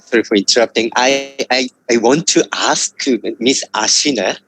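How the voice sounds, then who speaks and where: A man's voice: mid-range voice, normal speed, a bit bright, soft background music. A man from India, a student monk asking a hesitant question in an online class, often repeating words. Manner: hesitant, repeating words, frequent 'eh' fillers.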